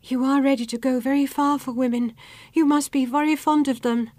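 A woman's voice: high-pitched, fairly even intonation, brisk, darkish tone, no echo, lightly acted. A woman playing a cool, clever young maiden.

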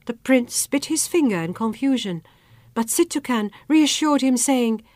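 A woman's voice: a little high, lively intonation, unhurried, darkish tone, dry recording. Woman narrating a fairy tale. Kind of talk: scripted storybook narration.

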